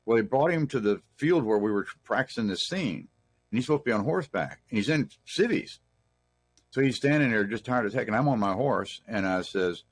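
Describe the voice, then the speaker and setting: A man's voice: medium pitch, lively intonation, a little fast. A middle-aged man from Texas, telling rambling, folksy stories as an interview guest. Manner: rambling, folksy anecdotes with restarts. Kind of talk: casual storytelling in an interview.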